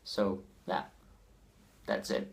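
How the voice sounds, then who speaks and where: A man with a Danish accent teaching his language in a casual lesson, repeating phrases slowly for learners. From Denmark.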